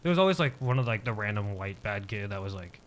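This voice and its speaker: A man's voice: lowish voice, expressive, quick pace, slight background noise. A man in his twenties, a podcast guest, telling a personal story casually and hesitantly, with many filler words.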